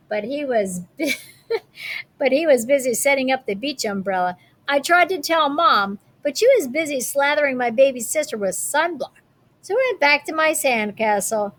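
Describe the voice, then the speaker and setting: A woman's voice: fairly high pitch, fairly bright tone. A woman teacher reading a picture book aloud to children, with friendly, chatty asides.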